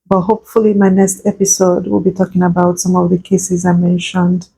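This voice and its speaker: A woman in her thirties telling a painful personal story, slow and halting, tearful at times. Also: fairly low pitch, monotone, vocal fry, warm tone, husky, low-quality recording. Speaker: vlogger sharing a personal story.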